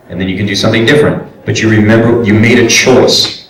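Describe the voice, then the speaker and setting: A man and voice actor giving a convention panel talk, animated and acting out quoted directors and clients. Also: lowish voice, fast talker. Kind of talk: casual panel talk with audience questions. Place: convention hall. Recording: echoey hall, voice picked up from far off.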